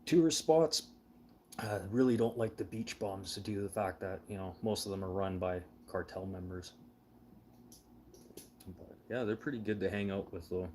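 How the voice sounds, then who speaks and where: A man with a fairly low voice spins loose, meandering stories in casual chat. He swears often and laughs at his own tales. A faint background hum sits under the voice. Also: normal speed, a little mellow. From Canada. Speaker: show host.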